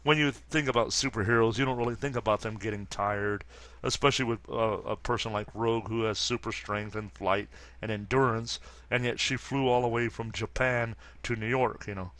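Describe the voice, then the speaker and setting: A man around fifty reading a comic aloud and commenting casually, halting often with fillers and restarts. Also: mid-range voice, steady tone, fairly bright tone, no echo. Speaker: comic book reader and commentator.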